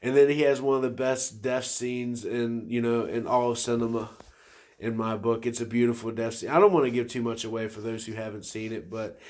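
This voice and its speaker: A man's voice: mid-range voice, fairly even intonation, brisk, darkish tone. A man in his twenties hosting a solo podcast, talking casually and enthusiastically about movies, rambling with many restarts. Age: 20s. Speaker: podcast host.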